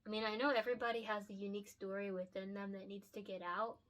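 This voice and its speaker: A woman's voice: medium pitch, flat delivery, quick pace, fairly bright tone. A young woman chats alone about making picture books, her voice in an ordinary middle range. She talks loosely, with lots of "like" and "you know", and turns tender and earnest as she speaks. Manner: heartfelt and emotional, lots of fillers, laughs often. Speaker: picture book author and illustrator. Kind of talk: casual solo chat to camera.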